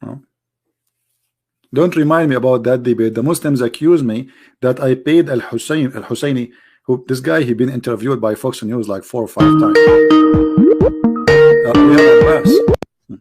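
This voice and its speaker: An Arab man with an Arabic accent hosts a live debate stream, speaking casually in a mid-range, slightly mellow voice that is very animated yet measured, with frequent pauses. He mocks and fires off rhetorical questions in loose, broken English packed with "like" and "brother." Soft music plays in the background.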